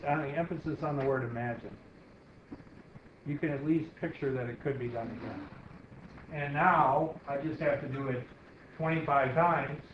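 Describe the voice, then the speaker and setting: Drawing on the board during a classroom lecture, a math teacher with a fairly high male voice explains the steps and quizzes his students along the way. The room sounds roomy, and the dull lo-fi recording has a faint hiss.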